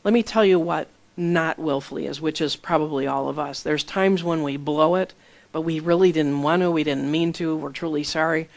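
A Bible teacher delivers a conversational sermon, reading scripture aloud and then explaining it plainly. Earnest in manner, he shares personal stories with small laughs, speaking at normal speed in a mid-range voice with vocal fry.

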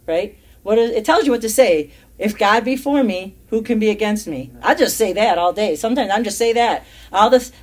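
A woman leading a casual Bible study, reading verses aloud with emphasis and explaining them in everyday speech. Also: on the high side.

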